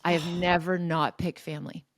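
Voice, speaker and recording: A woman in her forties, a guest expert telling a personal story in a podcast interview, animated with quick restarts and quoted dialogue. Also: on the low side, no room sound, clean studio sound.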